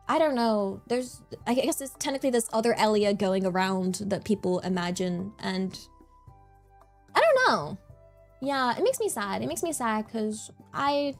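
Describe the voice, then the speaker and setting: A woman with a high voice chats casually to her stream. She talks softly and rambles, often laughing at herself. Faint music plays quietly behind her. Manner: soft, rambling, self-deprecating, with frequent laughs.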